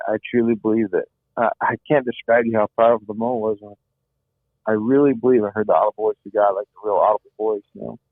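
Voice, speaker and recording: A man's voice: fairly low pitch, dry recording. A middle-aged man telling a personal survival story earnestly, often repeating words as he searches for them. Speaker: guest. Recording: tinny phone-like line, dry.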